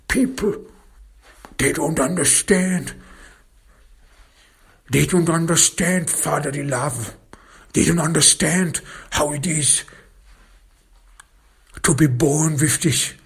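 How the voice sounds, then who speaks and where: A man voicing a weeping middle-aged father who pleads and begs in a high, sobbing voice. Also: takes it slowly, vocal fry, husky, full character voice. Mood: pleading. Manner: sobbing, begging.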